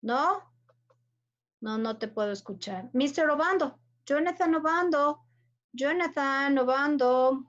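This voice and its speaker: A woman's voice: sits high, unhurried, fairly bright tone. A woman teaching English to a class online, with an Ecuadorian Spanish accent and Spanish as her first language, patiently calling on students and repeating their names and cues. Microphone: computer mic on a video call. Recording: dull lo-fi video call audio.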